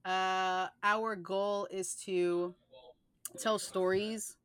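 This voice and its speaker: A woman's voice: mid-range voice, fairly even intonation, extremely slow, a bit bright, clear, resonant tone, no echo. Rambling young woman podcaster, dry sound. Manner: rambling, lots of filler words. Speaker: podcast co-host. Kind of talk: casual chat.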